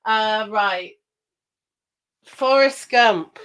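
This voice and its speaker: A woman's voice: on the high side, extremely slow, fairly bright tone, smooth. A woman co-hosting a podcast, chatting casually, hopping between topics and laughing often. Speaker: podcast co-host. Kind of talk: casual chat.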